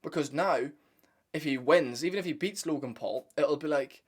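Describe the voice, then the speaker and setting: A man's voice: on the high side, fairly quick, a little mellow. A young man hosting a fight-sports channel, giving a blunt, opinionated breakdown to his viewers. He rambles, restarts sentences and swears casually. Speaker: MMA commentary channel host.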